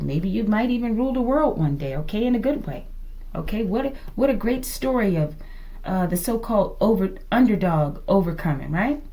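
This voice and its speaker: A woman with a warm, mid-range voice gives her viewers a casual tarot reading. She muses aloud, asks the cards to show her things, and often addresses her audience as "collective."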